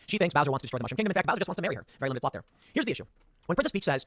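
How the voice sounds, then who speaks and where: A man's voice: fairly high pitch, no room sound. A man giving a political commentary, reading out and picking apart a movie review with sarcastic asides. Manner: rapid, lively delivery with sarcastic asides.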